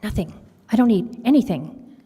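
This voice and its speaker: Woman reading as a frightened young boy, pleading, higher voice, long hall reverb. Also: animated, warm tone, husky. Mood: sullen. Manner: pleading, hurried apologies.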